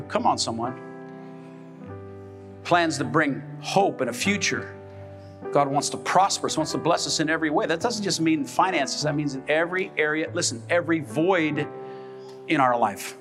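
A fairly high-pitched, animated man preaches at a normal pace with music in the background. Standing in a church sanctuary as pastor, he stresses his points and throws call-and-response questions to the people.

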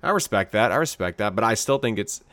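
A man's voice: lowish voice, expressive, fast talker, fairly bright tone, dry recording. A man co-hosting a casual podcast chat, rambling and playful, often repeating his words. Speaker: podcast co-host.

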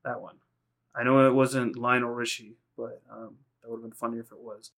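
A man's voice: medium pitch, flat delivery, normal speed, a bit bright. A man co-hosting a podcast, casually recapping anime episodes in a rambling, profane way, acting out lines in quoted voices. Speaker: podcast co-host.

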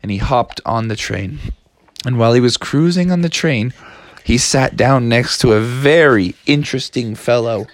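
A man improvising a playful bedtime story, slipping into silly high voices for his excitable prankster hero. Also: normal speed.

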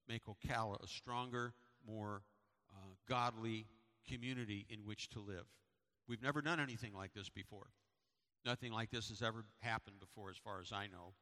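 A middle-aged pastor with a lowish, pushed, bright voice gives a sermon and church announcements in a church sanctuary. His style is conversational and storytelling, with repetitions, and the recording carries long hall reverb.

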